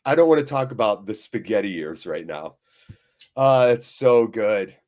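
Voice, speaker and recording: A man's voice: fairly low pitch, lively intonation, moderate pace, darkish tone. A man hosting a live fan watchalong, reading viewers' chat aloud with jokey swearing and a weary, deflated tone.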